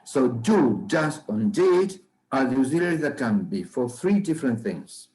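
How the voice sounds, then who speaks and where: A man teaching a grammar class in a measured lecture, often checking understanding with "okay?" and "right?". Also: mid-range voice, sing-song, darkish tone, poor audio.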